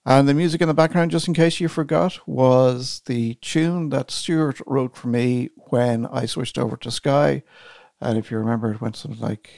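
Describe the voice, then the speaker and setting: A man's voice: medium pitch, moderate pace, gravelly, darkish tone, no echo, studio quality. A man hosting a chat show, making wry, teasing remarks. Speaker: host. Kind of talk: casual chat.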